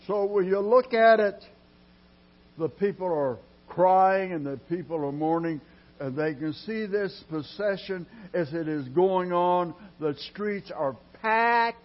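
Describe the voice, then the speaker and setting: A man preaching a sermon in a dramatic style, dropping to a hush and then rising loud, drawing his words out slowly. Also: high-pitched. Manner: dramatic preaching with sudden loud rises and quiet drops; slow, drawn-out delivery. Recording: dull lo-fi sermon recording.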